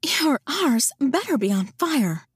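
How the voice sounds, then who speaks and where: A woman's voice: high voice, very animated, takes it slowly, no room sound, studio quality, pitched above the performer's own voice, exaggerated voice. A woman playing a brash, sarcastic young woman. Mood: sleepy grumbling. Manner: sarcastic, cheeky banter. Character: brash, sharp-tongued woman of twenty-seven. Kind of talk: audiobook character voice.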